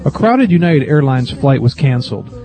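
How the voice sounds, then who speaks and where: A male radio host reads jokes and stories in a wry, storytelling manner. His voice is mellow and mid-pitched, with faint music behind it. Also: big pitch swings, moderate pace. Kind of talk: reading jokes on air.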